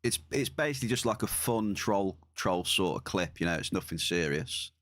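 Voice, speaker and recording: Low-voiced man chatting on stream. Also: animated, moderate pace, fairly bright tone, no room sound, studio quality. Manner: chatty, repeats words while playing. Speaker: game streamer. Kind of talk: casual live-stream chat with viewers.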